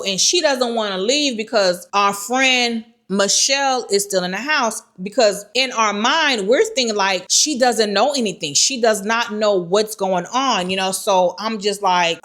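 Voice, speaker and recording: Animated woman telling a story. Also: medium pitch, normal speed, hardly any pauses. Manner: animated, lively storytelling with repeated phrases. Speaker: vlogger telling a personal story. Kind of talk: casual storytelling to camera.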